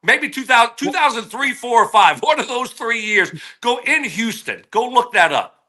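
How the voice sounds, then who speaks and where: A man in his forties, a former wide receiver, tells a story from his playing days in a high, bright voice. He talks casually and gets animated, his pitch jumping when he acts out his own protests. The delivery is loose and conversational. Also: normal speed.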